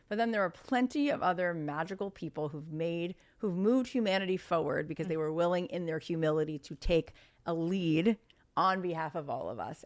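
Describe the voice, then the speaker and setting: Animated, low-pitched woman podcast guest. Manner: animated, acts out quotes, drops to a whisper for emphasis. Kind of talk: conversational podcast interview.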